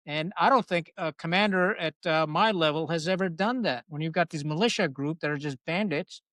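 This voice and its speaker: A man speaking as a podcast guest, telling his stories bluntly and with salty language. His voice sits fairly high. The room sound is dry, with almost no echo. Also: a little fast. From Pakistan. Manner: blunt, salty, animated storyteller. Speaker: podcast guest, retired Marine officer. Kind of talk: candid conversational storytelling.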